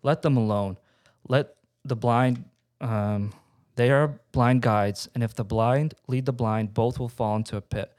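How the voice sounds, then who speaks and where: A man on a casual podcast reading a scripture passage aloud in a plain, steady way, with small slips. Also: medium pitch, unhurried.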